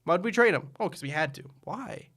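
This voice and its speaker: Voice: medium pitch, lively intonation, a bit bright. A podcast co-host in casual sports chat who gets heated and rants, swearing now and then. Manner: heated, ranting, quick to swear. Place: podcast recording.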